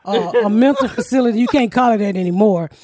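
A woman's voice: fairly high pitch, fast talker, a little mellow. A woman with a Georgia Southern accent hosting a podcast, telling stories bluntly and profanely and laughing often. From Georgia, USA. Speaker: podcast host. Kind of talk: casual comedic storytelling.

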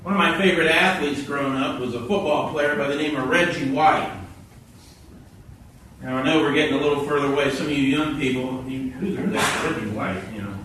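A man preaching a sermon, telling stories with animated quoted voices, heard from a distance in a church hall. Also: a little high, brisk, slight background noise. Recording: echoey hall from far off.

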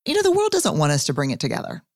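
Low-voiced woman podcast host. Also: wildly swooping pitch, racing, dry recording, clean studio sound. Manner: casual and candid, stretches out reflective phrases. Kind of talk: conversational podcast hosting.

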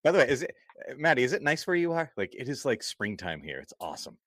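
A man hosting a casual hockey podcast, animated and jokey, often laughing as he talks. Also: medium pitch, fast, no room sound, studio quality. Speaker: podcast host. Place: Massachusetts.

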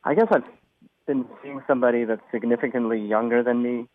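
A man's voice: mid-range voice, steady tone, fairly quick. A hesitant man calling in to a radio show, searching for his words. His voice comes through a tinny phone line. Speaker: caller. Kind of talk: phone-in call.

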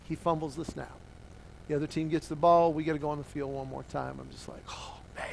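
A middle-aged man preaching and telling a personal story, swinging from hushed to loud as he acts out the dialogue. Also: fairly high pitch, fairly even intonation, quick pace, creaky, a little hiss or hum. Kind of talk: sermon storytelling.

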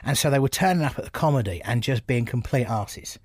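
A middle-aged man from England, telling stories from his stand-up career in an animated, laughing way. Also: mid-range voice, brisk, no echo, clean studio sound. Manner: animated storyteller, laughs often. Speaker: comedian guest. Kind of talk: casual anecdotal chat.

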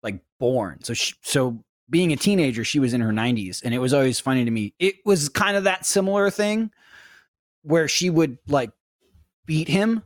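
A man's voice: a little high, animated, moderate pace, no room sound, clean studio sound. A man co-hosting a podcast, telling stories in a rambling, casual way with lots of fillers. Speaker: podcast co-host. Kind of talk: casual chat.

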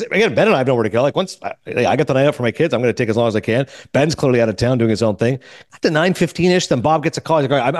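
Fast animated male podcast host. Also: medium pitch, no room sound, studio quality. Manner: animated, quotes others in quick asides. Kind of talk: casual storytelling chat.

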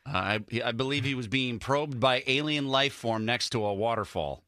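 A man's voice: mid-range voice, moderate pace, sharp tone. A man co-hosting a casual podcast, joking and guessing aloud with a hesitant manner. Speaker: co-host.

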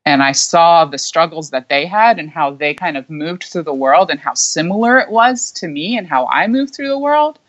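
A woman's voice: low voice, animated, moderate pace, few pauses. A young adult woman, a guest, telling her story in a casual, chatty way with frequent laughs and fillers. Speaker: guest, micro school founder. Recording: dull lo-fi sound.

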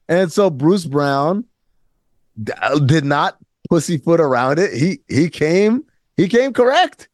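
A man co-hosting a casual sports talk show, emphatic and animated, often mimicking other voices. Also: a little high, takes it slowly, dry recording, studio quality. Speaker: podcast co-host.

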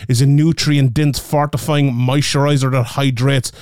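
A man's voice: mid-range voice, flat delivery, moderate pace, darkish tone, no room sound, clean studio sound. A male podcast host reading ads in a casual, joking, rambling way, often correcting himself. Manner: rambling, jokey, self-correcting. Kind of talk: casual chat and ad reads.

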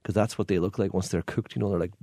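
A man's voice: low-pitched, steady tone, fast talker, warm tone, no room sound, studio quality. A man from Donegal with a Donegal Irish accent, a tour guide telling jokey anecdotes as a guest in a casual chat. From Ireland, Donegal.

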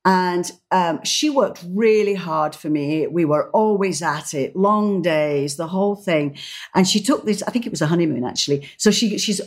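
A middle-aged woman co-hosting a podcast, chatting casually and telling animated stories in which she acts out the people in them. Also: on the low side, moderate pace. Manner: animated storyteller, acts out voices. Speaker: podcast co-host, decorator. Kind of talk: casual chat, storytelling.

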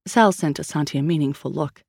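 Audiobook narrator, woman, steady even read; dry close mic. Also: low voice, moderate pace, no room sound. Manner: steady storytelling reading. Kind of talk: scripted narration.

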